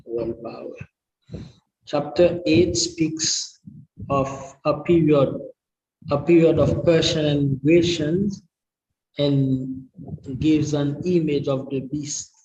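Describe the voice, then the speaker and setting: A man studying to preach, reading his notes aloud and sounding out hard words slowly and carefully, with English not his first language. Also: a little high, steady tone, a little mellow, low-quality recording. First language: a language other than English. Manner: slow and careful, sounds out and repeats difficult words. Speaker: preaching student.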